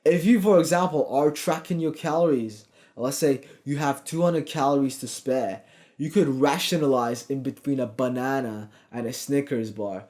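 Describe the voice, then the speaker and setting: A man's voice: medium pitch, moderate pace, darkish tone. A young man in his twenties, a fitness coach giving a blunt, profane, pushy motivational talk. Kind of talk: casual motivational vlog.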